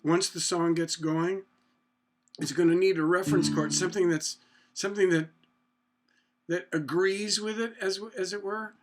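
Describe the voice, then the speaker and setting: A man with a high voice talks through a songwriting lesson in a loose, thinking-aloud way. He breaks into hummed snippets while guitar plays clearly behind him. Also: steady tone, moderate pace, long pauses. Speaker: songwriting teacher.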